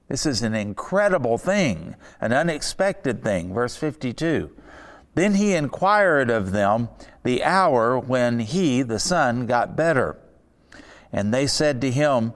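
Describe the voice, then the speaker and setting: A man preaching a sermon, unhurried and emphatic, pausing between phrases. His mid-pitched voice carries the long reverb of a large hall. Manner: slow, deliberate, emphatic delivery with pauses.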